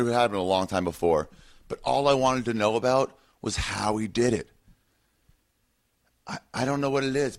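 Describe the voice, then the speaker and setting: Deep-voiced rambling podcast host. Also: male voice. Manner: rambling, many ums and uhs, frank. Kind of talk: casual podcast monologue.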